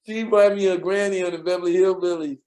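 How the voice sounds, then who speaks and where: A man's voice: sits high, fast talker. A man being interviewed, telling casual anecdotes from an old workplace, chuckling often and acting out the voices of the people he quotes. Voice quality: animated storyteller who acts out quoted voices. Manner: chuckles often, repeats words while recalling. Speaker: interview guest.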